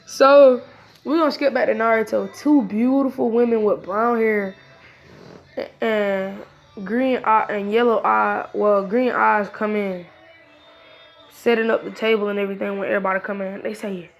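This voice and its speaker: Gravelly woman rambling through a fan story. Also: mid-range voice. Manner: rambling, casual slang, many restarts. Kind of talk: improvised fan-fiction retelling.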